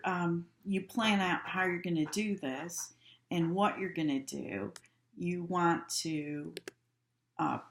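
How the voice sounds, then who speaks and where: Slow-talking woman teaching in echoey room. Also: lowish voice. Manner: calm, practical, acts out example dialogues. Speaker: healthcare instructor. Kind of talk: instructional lecture.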